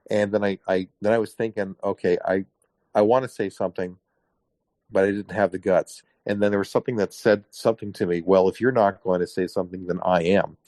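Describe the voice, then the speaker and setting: Low-voiced man telling a story, dry sound. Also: no room sound. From Canada. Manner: animated storyteller, acts out quoted voices. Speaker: guest. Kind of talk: casual interview storytelling.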